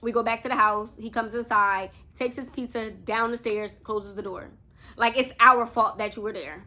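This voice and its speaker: A woman's voice: on the high side, fairly even intonation, moderate pace, pushed and bright. A young woman telling a casual storytime to her viewers, chatty and talking straight to them. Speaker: vlogger.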